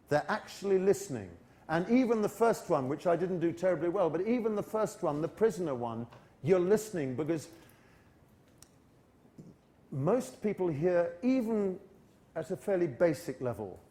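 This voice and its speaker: A man from the United Kingdom with a British English accent, giving a live teacher-training talk in a university hall and energetically coaxing the audience to repeat after him. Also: high-pitched. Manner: energetic, coaxes the audience into choral repetition.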